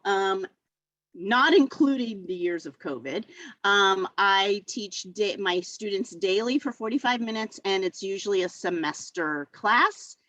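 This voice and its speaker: A woman's voice: mid-range voice, a bit bright, dry recording, poor audio. A woman who teaches middle school art, presenting a virtual workshop in a chatty way with many fillers. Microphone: video call.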